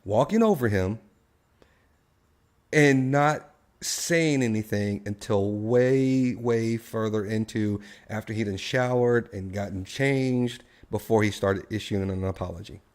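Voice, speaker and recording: A man's voice: fairly low pitch, a little slow. A man hosting a casual live-stream discussion, telling a story and putting questions to his co-hosts and the chat. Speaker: live show host.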